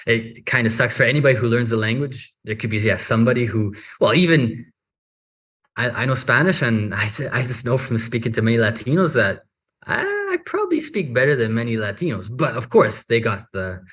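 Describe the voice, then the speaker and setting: A man hosting an interview about learning Spanish, talking in a relaxed, casual way with plenty of listening sounds. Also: medium pitch, a little fast. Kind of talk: conversational interview.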